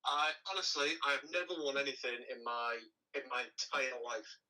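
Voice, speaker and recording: A man from Cumbria with a northern English accent, talking quickly on a phone call as a giveaway winner. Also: medium pitch, sharp tone, far from the mic. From Cumbria, northern England. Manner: quick, delighted, humble. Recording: faint call on speakerphone.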